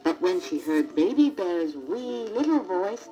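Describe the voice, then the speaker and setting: Slow, lively woman storybook narrator. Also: on the low side, soft background music, low-quality recording. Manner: deliberate, expressive read-aloud. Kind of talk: scripted storybook narration on a 1981 record.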